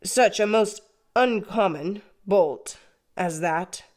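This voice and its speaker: Slow, solemn working man, kindly and confiding, put on by a woman narrator for an audiobook. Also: mid-range voice, sing-song. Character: gentle slow-spoken blacksmith man, kindly.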